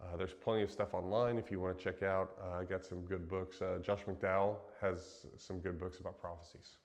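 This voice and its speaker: Man with a somewhat low voice, from Western Kansas, relaxed conversational Bible teacher. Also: a little fast. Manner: relaxed, chatty, laughs easily, frequent ums. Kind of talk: casual Bible teaching chat.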